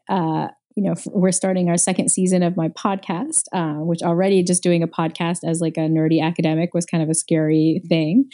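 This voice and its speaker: This is a woman speaking as a guest scientist in a relaxed interview. Her voice sits on the low side and has a mellow, soft tone. She explains research eagerly, with an easy, conversational flow. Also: creaky. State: recovering from a knee injury.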